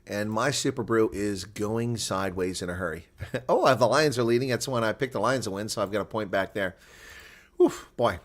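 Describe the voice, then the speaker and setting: A man's voice: fairly low pitch, moderate pace. A man hosting a casual live rugby watch-along, chatting loosely, laughing often and reading viewer comments aloud.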